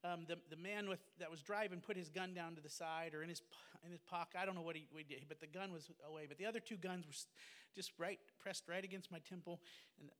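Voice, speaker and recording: A man's voice: a little high, fairly even intonation, quick pace, fairly bright tone, long reverb tail. A man, a pastor and missionary, earnestly telling a personal testimony in a fervent, emotional way. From United States.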